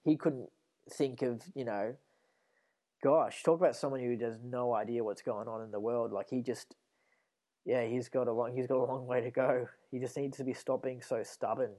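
A man's voice: mid-range voice, steady tone, normal speed, mellow. Rambling man hosting a solo podcast. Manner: rambling, many fillers and restarts. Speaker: podcast host.

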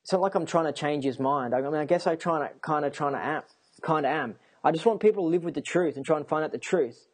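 A man talking to camera in a rambling personal monologue, excitable and often repeating himself. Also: on the high side, fast, husky. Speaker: vlogger.

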